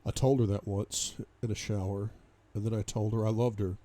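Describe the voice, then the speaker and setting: A man reading a novel aloud in first person, dramatic, moving between hushed despair and loud outbursts. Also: on the low side, fairly even intonation, moderate pace. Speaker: audiobook reader.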